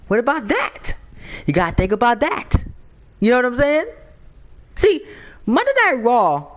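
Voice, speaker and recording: An excitable man recapping a wrestling game season on his channel. He stammers, repeats words and fills gaps with "you know". His talk speeds up and slows down as he works through his thoughts. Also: sits high. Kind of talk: casual recap vlog.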